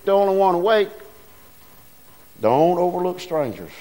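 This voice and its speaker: A man's voice: high-pitched, animated, a little slow. Folksy preacher man. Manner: folksy, call-and-response preaching with rising bursts. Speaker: pastor. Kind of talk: sermon.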